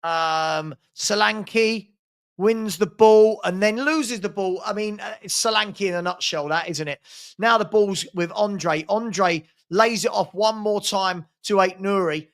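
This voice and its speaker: Slow-talking exasperated football fan. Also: male voice, high-pitched. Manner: exasperated, sarcastic, laughs at his team. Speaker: fan watchalong host. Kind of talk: live match commentary from a fan.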